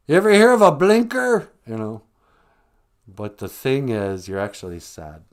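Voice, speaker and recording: Speaking in a low, somewhat dark voice, a live-stream host offers an informal teaching monologue on emotions and spirit. He's joking and conversational, with a dry wit and the occasional silly voice.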